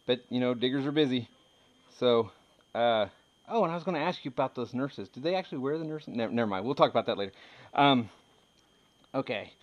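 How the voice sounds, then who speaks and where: A man in his thirties chats casually while showing off his metal detecting finds, his medium-pitched voice lively and brisk, though the recording's highs are cut off. He rambles and jokes, laughing frequently.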